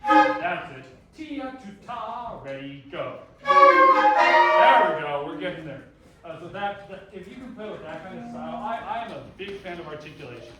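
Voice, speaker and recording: A man's voice: fairly high pitch, fast talker, over loud music. Man coaching a band in a room. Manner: counts off, sings rhythms on syllables. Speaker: band clinician. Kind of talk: rehearsal instruction. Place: large rehearsal room. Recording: echoey rehearsal hall, far mic. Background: band playing.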